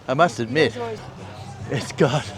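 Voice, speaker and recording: Taking it slowly, an Australian man with a mid-range voice narrates his casual travel vlog on a coastal walk, wry and full of friendly asides. A crowd, traffic and general outdoor ambience fill this noisy street recording.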